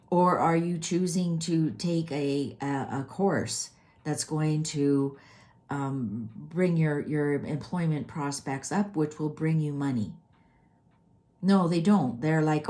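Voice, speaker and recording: Her voice sits low and sounds warm: a middle-aged woman reading tarot who launches into a heated, exasperated rant full of restarts.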